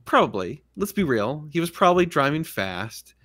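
A man's voice: on the high side, sing-song, moderate pace, bright, forceful tone. A man hosting a casual livestream chat, talking in a laid-back, rambling way and laughing often. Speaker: podcast host.

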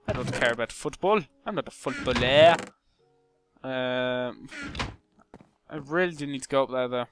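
A young man giving casual gameplay commentary, muttering to himself and breaking into loud, excitable shouts. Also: mid-range voice, moderate pace, faint music behind. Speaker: gaming channel host.

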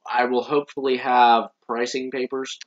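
Male co-host, relaxed, dry humor, mid-range voice, dull lo-fi audio. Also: medium pitch. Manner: laid-back, dry, quick agreeing replies. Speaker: co-host of a snack review show. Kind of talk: casual chat. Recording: lo-fi dull recording.

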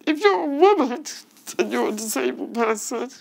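Tearful woman, high creaky voice. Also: lively intonation, a little mellow, poor audio. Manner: halting, emotional, restarts often. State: tearful, voice breaking. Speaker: witness giving evidence. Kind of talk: testimony at a public inquiry. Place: hearing room.

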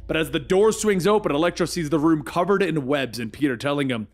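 A man narrating a comic book story in brisk recap style. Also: a little high, animated.

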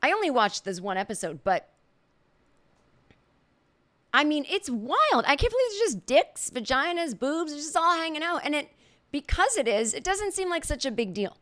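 A woman's voice: sits high, big pitch swings, moderate pace, a bit bright. A middle-aged woman hosting a podcast, telling a funny story in a casual monologue and acting out the quoted reactions. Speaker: podcast host.

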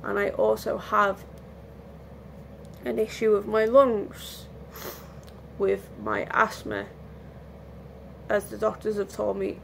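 Slow, gravelly-voiced tired woman vlogging. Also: medium pitch, level tone, a little hiss or hum. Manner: rambling, candid, restarts often. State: tired, yawning. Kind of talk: casual lockdown vlog chat. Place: at home.

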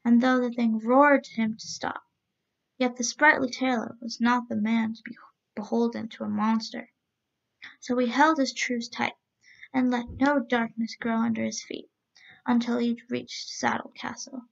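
Woman reading a fairy tale, bit high voice with a gravelly edge, steady read, muffled lo-fi audio. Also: a little slow. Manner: steady, even-paced read-aloud. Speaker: storyteller. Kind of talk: storybook reading. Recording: dull lo-fi recording.

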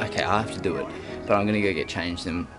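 A man's voice: sits low, fast talker, over loud music. A young man with an Australian accent, vlogging casually, joking, swearing and poking fun at himself. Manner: joking, swearing, self-deprecating. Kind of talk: casual vlog.

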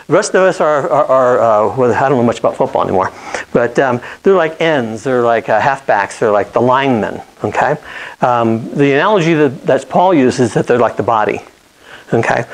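A man's voice: mid-range voice, low-quality recording. A man teaching an informal Bible lesson. He talks conversationally, often checks in with "okay?" and restarts or corrects himself mid-sentence.

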